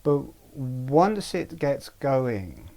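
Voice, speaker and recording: A man teaching a breathing practice in an online webinar, speaking gently and haltingly, with frequent pauses. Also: mid-range voice, sing-song, vocal fry. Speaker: meditation teacher.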